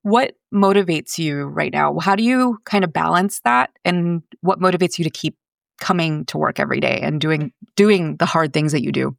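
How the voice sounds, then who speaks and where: Woman interviewer, encouraging and hesitant, very low voice with vocal fry. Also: moderate pace, no echo, clean studio sound. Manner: warm, encouraging, hesitant phrasing. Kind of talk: conversational interview.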